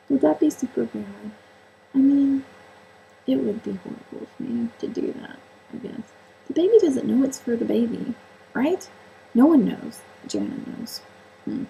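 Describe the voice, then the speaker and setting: Recorded roughly with a bit of hiss or hum, this medium-pitched woman has a gravelly yet warm voice. A vlogger covering sewing and books, she chats casually on her own, meandering, poking fun at herself and leaning on fillers.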